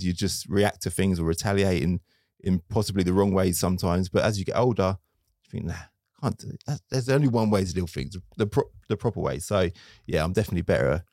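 A man with a fairly low voice tells stories from the car trade at a quick clip. He chats casually, slipping into quoted lines of his own. The sound is dry and close. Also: a little mellow, dry recording. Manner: chatty storytelling, acts out his own quotes. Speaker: car dealer, podcast guest. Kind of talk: casual interview chat.

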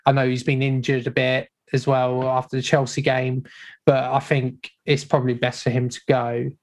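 A man in a casual football podcast chat, giving measured opinions and hedging often. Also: mid-range voice, monotone. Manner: measured, hedging with repeated "I think".

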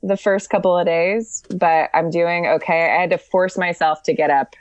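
A woman co-hosting a comedy podcast from a hotel room over a video call, halting and self-deprecating. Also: on the low side, fairly even intonation, no echo. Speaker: co-host. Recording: dull lo-fi video call audio.

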